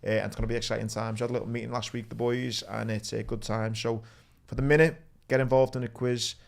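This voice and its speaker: A man hosts a sports podcast in a loose, chatty way. His talk is slangy and easygoing, full of "lad" and "mate". His voice sits at a middle pitch. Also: level tone, quick pace, creaky. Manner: casual, slangy, calls people lad. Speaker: podcast host. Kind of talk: casual sports chat.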